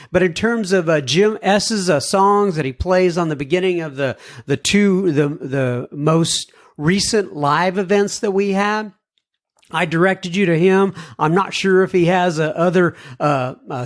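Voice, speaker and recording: A man hosting a recovery podcast, reading listener emails aloud in an unhurried, folksy way, adding appreciative asides and letting his voice drop low and soft at the ends of sentences. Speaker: podcast host.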